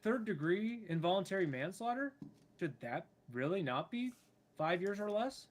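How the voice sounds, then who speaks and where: A man's voice: high-pitched, expressive, moderate pace. A man co-hosting a casual online news chat over a remote call, questioning and earnest. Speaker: podcast co-host.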